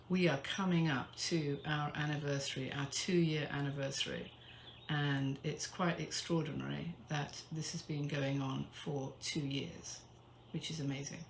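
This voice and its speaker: A British woman hosts a casual live poetry stream, talking to her viewers through a webcam. She rambles and pokes fun at herself, and her voice has a gravelly edge. A faint hiss sits under her talk. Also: low-pitched, fairly even intonation, measured pace. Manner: rambling, chatty, self-deprecating.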